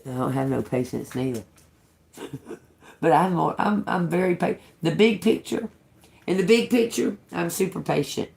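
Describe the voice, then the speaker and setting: A woman's voice: fairly low pitch, normal speed, gravelly, a little mellow. A woman tarot reader in casual spiritual talk to her viewers, rambling and restarting, swearing freely and laughing often.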